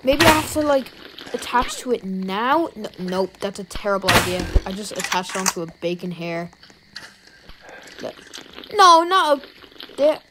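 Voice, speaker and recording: A woman with an Irish accent giving let's-play commentary as a YouTuber, talking to herself and reacting with jumpy, excited outbursts. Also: mid-range voice, measured pace, pauses often, heavy background noise. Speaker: YouTuber playing a game.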